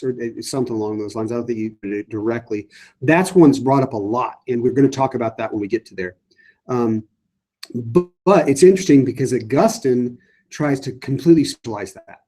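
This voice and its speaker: A middle-aged priest with a warm, medium-pitched voice leads a casual Bible study and fields viewer questions. He talks conversationally, with lots of fillers and restarts.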